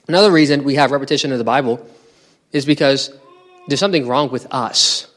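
A man as pastor preaching a sermon in a conversational teaching style, asking the congregation rhetorical questions. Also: mid-range voice. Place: church.

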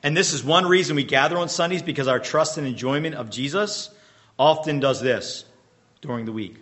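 Bright-voiced male pastor quizzing his congregation. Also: fairly high pitch, a little hiss or hum. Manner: quizzes the congregation with fill-in-the-blank questions; emphatic bursts and slowed-down repetition. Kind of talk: sermon.

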